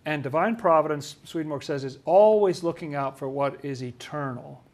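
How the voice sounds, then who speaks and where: A man's voice: a little high, animated, normal speed. A man giving a conversational talk on scripture, often acting out the voices of the people he quotes. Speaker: religious teacher.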